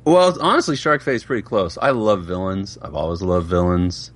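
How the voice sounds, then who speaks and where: A man's voice: sits low, normal speed. A man, a father and voice actor, chatting in a casual interview and laughing often. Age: adult with children. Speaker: voice actor guest.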